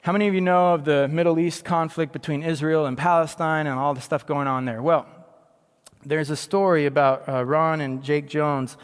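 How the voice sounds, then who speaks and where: A man preaching in a church sanctuary, his voice sitting a little on the high side. His delivery is conversational and moves from quiet, intimate stretches to loud, emphatic peaks. A long reverb hangs on his words. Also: steady tone, normal speed, smooth. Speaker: pastor. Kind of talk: sermon.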